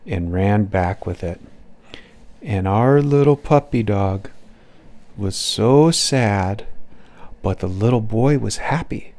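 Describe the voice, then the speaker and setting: A man gently making up a nap-time story for his young child in a soothing, repetitive way. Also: on the low side. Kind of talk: improvised bedtime story.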